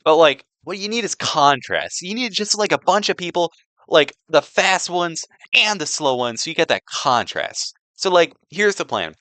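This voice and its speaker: A man's voice: on the high side, sing-song, moderate pace, pushed and bright, no room sound. A young man giving a rambling, sarcastic slideshow presentation, packed with "like" and restarts. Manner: filler-heavy, sarcastic, restarts a lot.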